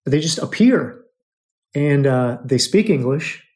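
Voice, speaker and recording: A fairly high-pitched, slow male voice with an animated delivery and a somewhat dark tone. He's an American podcast host sharing a personal story with his listeners, emotional and repetitive, addressing them as brothers.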